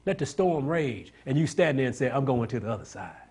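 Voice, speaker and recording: A man's voice: mid-range voice, very animated, fairly quick, a little mellow, breathy edge. A man preaching a sermon, pushing each point up into emphatic, rising climaxes and drawing call-and-response from the congregation. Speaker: pastor.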